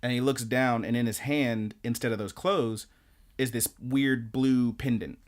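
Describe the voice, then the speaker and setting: This male co-host speaks at a measured pace in a medium-pitched voice, chatting loosely about anime episodes on his podcast. He rambles as he retells them, acting out quoted lines from the characters.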